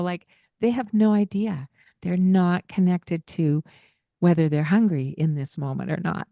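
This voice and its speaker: A woman's voice: deep voice, warm tone, dry recording. A woman hosting a parenting podcast in casual chat, laughing often and acting out the lines a parent might say.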